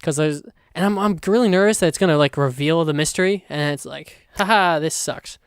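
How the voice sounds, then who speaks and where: A man's voice: fairly high pitch, brisk, smooth, no echo, studio quality. A young man hosting a casual solo podcast, rambling with lots of "like" and restarts, swearing casually. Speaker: podcast host.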